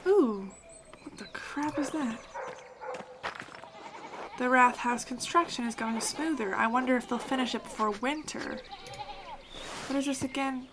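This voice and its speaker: A woman giving casual, chatty commentary while playing a video game, reacting aloud with quick exclamations. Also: high-pitched, background noise. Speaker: gaming video creator.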